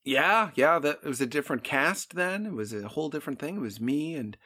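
A laid-back comedy podcast co-host, chatting casually and poking dry questions at the bit. The pitch moves a lot. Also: animated, fairly quick, bright, forceful tone.

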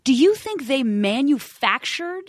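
A playful woman guest in a casual chat. Her voice is a little high and moves a lot in pitch, with a dry, close sound. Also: sing-song, a little slow, no room sound. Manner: playful, laughing. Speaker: guest actress.

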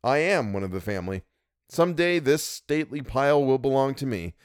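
A man reading an audiobook, voicing a charming, flippant young gentleman with gallant, mock-theatrical speech. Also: mid-range voice, animated, a little fast, clean tone, no echo, studio quality, pitched above the performer's own voice, natural voice.

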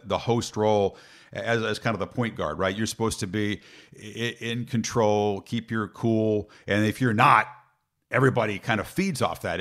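A male host tells an animated story in casual chat. His pitch sits in the middle range. He often restarts his sentences as he talks. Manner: animated anecdote-telling with repeated restarts. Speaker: host, broadcaster.

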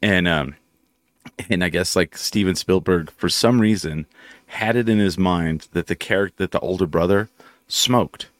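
A middle-aged man hosting a casual talk show, telling animated anecdotes and swearing freely. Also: deep voice, a little slow, dry recording, studio quality. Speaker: podcast host. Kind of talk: casual chat, storytelling.

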